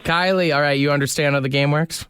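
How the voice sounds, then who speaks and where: A man's voice: fairly high pitch, steady tone, quick pace, a bit bright, clean tone, dry recording. A man from Canada hosting a morning radio show, upbeat and laughing often as he runs a call-in game. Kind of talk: casual morning radio banter.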